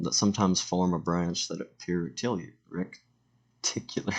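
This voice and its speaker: A teenage boy with a low, gravelly voice narrates a school slideshow into a home computer mic. He stumbles over words, corrects himself, and slips in joking asides. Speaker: student presenter.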